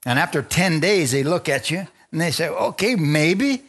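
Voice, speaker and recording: Animated preacher man calling for amens. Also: fairly quick. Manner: animated, asks the congregation for amens; laughs often, acts out quotes in a higher voice. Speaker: pastor. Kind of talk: sermon.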